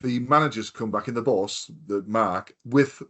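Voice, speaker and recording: Here a podcast co-host in his fifties talks with a lowish voice, moderate pace and fairly bright tone. It's casual storytelling: long, wandering anecdotes full of curse words and quoted voices.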